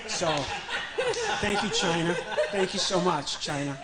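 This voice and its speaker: A man's voice: high voice, a little slow. A ventriloquist comedian from Illinois, a man doing a chatty, joking live act on a church stage and talking to his puppet.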